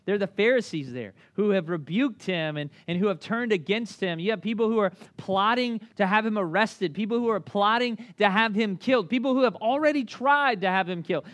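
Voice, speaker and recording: A man in his thirties preaching a sermon in a conversational style, telling stories with lots of "like" and "you know". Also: high-pitched. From American South. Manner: conversational, animated storytelling with many "like" fillers. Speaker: pastor.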